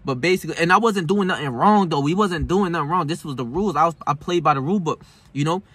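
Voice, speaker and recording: A man's voice: on the high side, fast, a bit bright, slightly rough, no room sound. A young man vlogging a personal story in casual, profane street slang, shifting between heated and subdued. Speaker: self-help vlogger.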